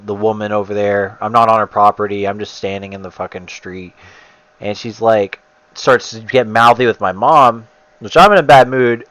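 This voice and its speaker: A man's voice: fairly low pitch, fairly bright tone, no echo, poor audio. A man casually telling a long story while gaming, rambling and swearing heavily, and getting heated. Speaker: gamer streamer.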